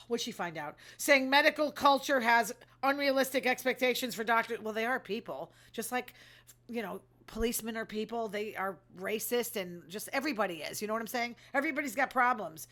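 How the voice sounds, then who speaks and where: A woman's voice: on the high side, a bit bright. Sarcastic woman sighing through the news. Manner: sarcastic, quick to react and complain; calls herself emotional. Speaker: host of her own commentary show. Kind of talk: casual news commentary.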